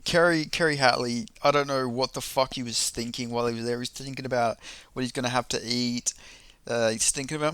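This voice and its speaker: Bright-voiced man ranting, swearing freely. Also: mid-range voice, fairly even intonation, fairly quick, clear, resonant tone, dry recording. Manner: profane, rambling and heated. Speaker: MMA commentator. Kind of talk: casual ranting vlog.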